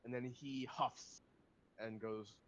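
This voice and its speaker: Halting male game master, lo-fi audio. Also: mid-range voice, fairly even intonation, slight background noise. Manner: hesitant, many fillers. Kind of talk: narrating a tabletop game. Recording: dull lo-fi recording.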